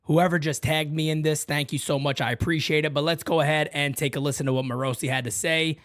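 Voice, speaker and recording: A man hosting a baseball fan show, emphatic, swinging between shouts and low mutters. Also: fairly even intonation, fast talker. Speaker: fan channel host.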